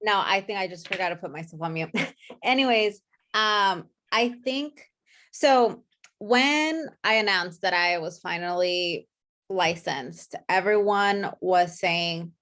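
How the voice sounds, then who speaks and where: Woman on a video call, unhurried and emotional, many pauses and fillers. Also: mid-range voice, fairly bright tone. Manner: slow, emotional, hesitant with fillers. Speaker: new real estate agent. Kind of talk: sharing on a group call.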